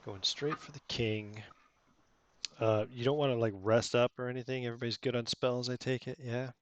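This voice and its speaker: A man's voice: medium pitch, level tone, a little fast, no echo, muffled recording. A man running a tabletop role-playing game for friends, talking casually, laughing often and stumbling over the math. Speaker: game master.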